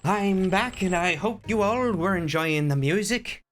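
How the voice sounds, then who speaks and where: A man's voice: high-pitched, lively intonation, unhurried, fairly bright tone, faint music behind. A man chatting casually on a live stream, reading chat and teasing viewers in a playful, rambling way.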